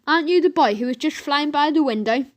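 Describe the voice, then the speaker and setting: A woman voicing a brutish, greedy male ice-cream van thief who barks his lines loudly. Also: high-pitched, fast talker, lightly acted. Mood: smug. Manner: loud, blustering, barking.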